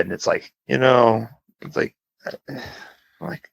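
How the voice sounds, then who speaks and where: A man's voice: medium pitch, measured pace, no room sound, lo-fi sound. A man co-hosting a podcast, telling a long story in casual chat and acting out the voices of the people in it. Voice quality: gravelly, husky. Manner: animated storyteller, acts out quoted voices, swears. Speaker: podcast co-host.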